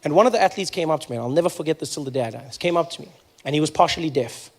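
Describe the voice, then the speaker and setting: A man's voice: fairly high pitch, racing. A young man with a South African accent, telling stand-up stories and acting out every character himself. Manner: animated, acts out both sides of his stories. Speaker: stand-up comedian. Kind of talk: stand-up comedy storytelling.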